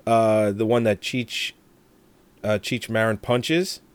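A man's voice: lowish voice, steady tone, takes it slowly, clean tone, no room sound. A man co-hosting a casual movie review podcast, recounting scenes and acting out quotes in conversation. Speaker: podcast co-host.

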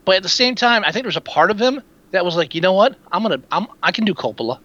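A man's voice: sits high, fast talker. A man co-hosting a casual film-review chat, rambling and acting out quotes as he talks. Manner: animated, rambling, acts out quotes. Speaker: podcast co-host. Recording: dull lo-fi recording.

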